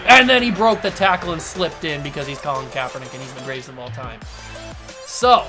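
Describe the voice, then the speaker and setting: A man calls his own football video game in a loose, excitable let's-play commentary that now and then jumps to shouting. Clear music plays underneath his voice. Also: sits high, fairly quick. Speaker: gaming YouTuber.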